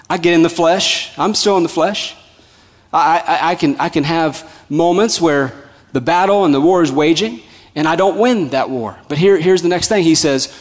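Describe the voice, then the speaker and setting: A male pastor delivering a sermon in a rhythmic, repetitive style, swinging from loud emphasis to soft, hushed lines. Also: on the high side. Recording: long hall reverb.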